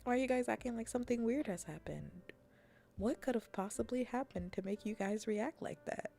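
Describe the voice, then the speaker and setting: A woman streamer chatting casually with her viewers in a soft, half-whispered voice, slipping into playful mock-taunting teases. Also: a little high, a little fast, creaky. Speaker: streamer hosting a chat stream. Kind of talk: soft-spoken casual chat.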